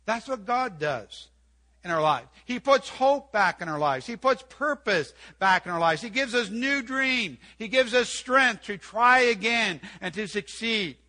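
A man's voice: sits high, lively intonation, unhurried, sharp tone. An older man preaching an earnest sermon in church, repeating key phrases and quoting scripture. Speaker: pastor.

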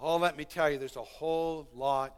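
A man's voice: a little high, steady tone, normal speed, smooth. A man preaching a sermon, earnest and pleading, building to fervent calls to his listeners. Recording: long hall reverb.

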